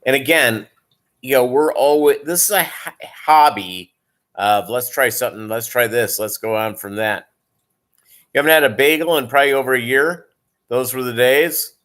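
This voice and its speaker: A man's voice: mid-range voice, normal speed, a bit bright. A tired man hosting a casual livestream, rambling with lots of fillers while he chats with viewers. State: tired, yawning. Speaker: livestream host.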